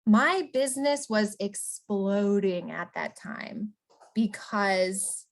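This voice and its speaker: A woman coaching business owners in a casual, energetic motivational talk, chatty and emphatic. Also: medium pitch, takes it slowly, gravelly. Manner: energetic, chatty, often asks "right?".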